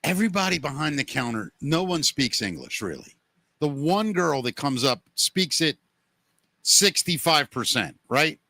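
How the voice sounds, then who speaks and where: A podcast host man tells stories in a loose, rambling way, leaning on "you know" again and again. His voice sits high and sounds bright and forward. The sound is dry and close. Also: very animated, measured pace, dry recording. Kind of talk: casual chat, storytelling.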